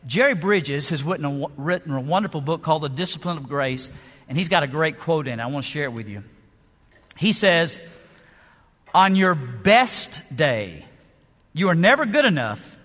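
Man, pastor, emphatic sermon, high voice, long hall reverb. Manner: emphatic preaching, varied pace and loudness, rhetorical questions.

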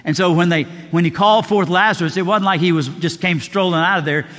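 A man's voice: high-pitched, fast, a bit bright, in a large hall. A middle-aged male pastor preaching a sermon, telling a story and acting out the dialogue. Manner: storytelling, acts out quoted dialogue.

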